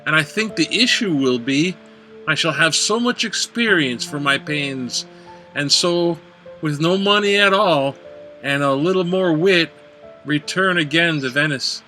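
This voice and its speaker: A man's voice: fairly high pitch, unhurried, pushed and bright, soft background music. A man reading a broke, beaten young dupe who complains wearily, for an amateur play read over a video call. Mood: sulky.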